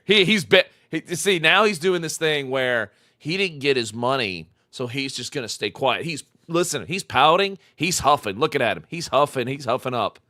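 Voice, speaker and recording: Mocking, lively-voiced streamer man. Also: mid-range voice, moderate pace, few pauses, no room sound, studio quality. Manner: mocking, profane, repeats phrases for emphasis. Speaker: streamer reacting to a clip. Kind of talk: live reaction commentary.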